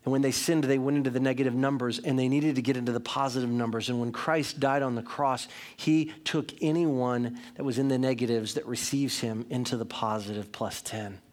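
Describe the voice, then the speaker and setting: A man's voice: mid-range voice, fairly even intonation, brisk, few pauses, darkish tone. A middle-aged man preaching a sermon as a pastor, earnest and talking straight to his listeners, at times turning emphatic. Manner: earnest, rising to emphatic, uses direct address.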